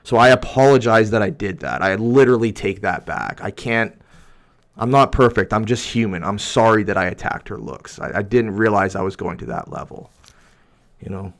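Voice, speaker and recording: A man's voice: on the low side, moderate pace, creaky. A young man hosting a livestream, reading viewer comments aloud in a heated, rambling rant full of restarts. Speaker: YouTuber reading chat.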